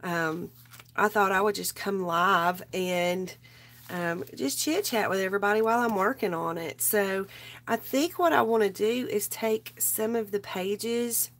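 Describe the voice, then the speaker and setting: A woman's voice: medium pitch, measured pace, a bit bright. A woman, sick and straining her voice, rambling casually to viewers while crafting on a livestream. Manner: rambling, greets viewers by name.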